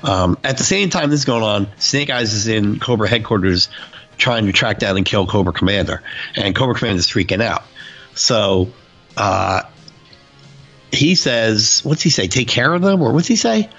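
Casual podcast co-host, man, low voice, lo-fi audio, acts out lines with jumps in pitch. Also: normal speed, soft background music. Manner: animated, acts out quotes in a raised voice. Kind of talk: casual chat about comic books.

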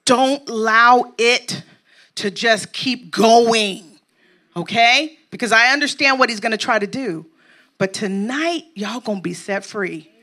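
Woman preacher, high voice, slow and rousing, keeps asking the church "okay?". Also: bright, forceful tone. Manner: rousing preacher who checks in with the crowd; lists items in an emphatic cadence. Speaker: apostle preaching to a congregation. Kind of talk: sermon.

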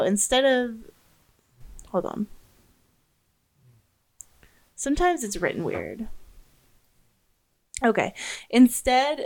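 An American woman co-hosting a podcast in casual chat, laughing often and stumbling when she reads aloud. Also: mid-range voice. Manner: giggly, stumbles while reading aloud. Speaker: podcast co-host.

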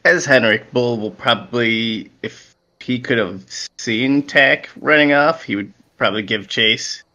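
A man playing a tabletop game, lively and expressive. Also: medium pitch, a little slow, muffled recording. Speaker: player.

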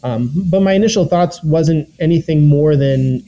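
Very dark-voiced young man recounting casually. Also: on the high side, normal speed, low-quality recording. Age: young adult. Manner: rambling, filler-heavy, quotes his own thoughts. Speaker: former reality competition contestant.

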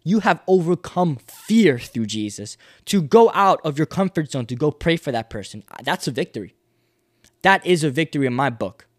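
A man's voice: a little high, very animated, moderate pace, dry recording, studio quality. A man giving a podcast sermon, reading scripture and urging listeners with repeated, emphatic phrases. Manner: passionate, urging listeners to repeat verses aloud; repetitive, emphatic preaching cadence. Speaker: preacher.

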